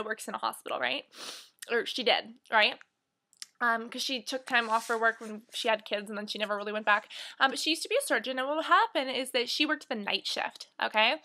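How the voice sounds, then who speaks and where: Young woman, 19, bright forceful voice, a bit high, rambling vlog chat with lots of "um" and "like". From United States. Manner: chatty and rambling, many fillers like "um" and "like". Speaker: beauty vlogger. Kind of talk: casual chat to camera. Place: at home, near the kitchen.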